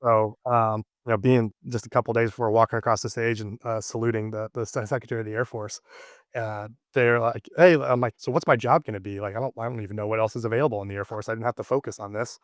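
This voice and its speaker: A man's voice: lowish voice, steady tone, quick pace, dry recording, clean studio sound. A man in his thirties, the guest in an interview, telling a personal story casually with many fillers and restarts. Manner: rambling, lots of fillers and restarts.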